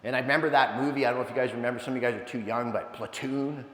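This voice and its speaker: A man giving an animated, energetic motivational talk, telling stories with asides to a live audience. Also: medium pitch, very fast. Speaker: keynote speaker. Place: large event hall. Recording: echoey hall, long reverb.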